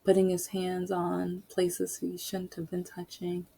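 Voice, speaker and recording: A woman's voice: lowish voice, completely flat delivery, measured pace, creaky, warm tone, breathy edge. A woman podcaster telling a personal story in a candid, rambling way, full of asides.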